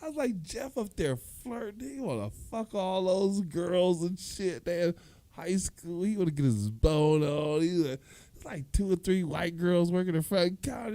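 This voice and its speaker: A man with a Detroit accent telling a loud, animated stand-up story, acting out the people in it and laughing often. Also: high voice, normal speed, no echo. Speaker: stand-up comedian.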